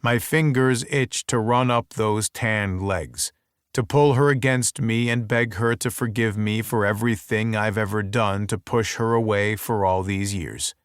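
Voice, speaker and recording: Low, dry-voiced male audiobook narrator. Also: fairly even intonation, unhurried, smooth, no room sound. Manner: wry, intimate inner monologue. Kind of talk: first-person romance audiobook narration.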